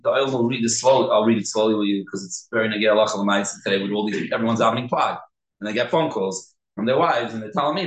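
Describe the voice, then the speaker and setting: A man with a lowish voice and quick pace teaches a halacha class in Yeshivish English sprinkled with Hebrew and Yiddish terms. In this Torah lecture he explains things step by step and repeats key points, on a low-quality, roomy-sounding recording.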